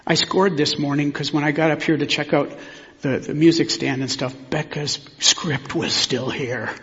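A man, a pastor preaching a sermon in a church sanctuary, in a measured, reflective way with pauses. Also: on the high side, steady tone, a bit bright. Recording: long hall reverb, dull sound.

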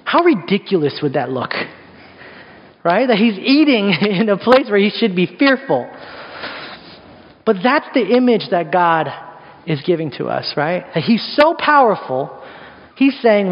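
A man's voice: high-pitched, big pitch swings, normal speed. A man preaching a sermon in a casual, conversational way, full of rhetorical questions. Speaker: pastor. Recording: echoey hall, dull sound.

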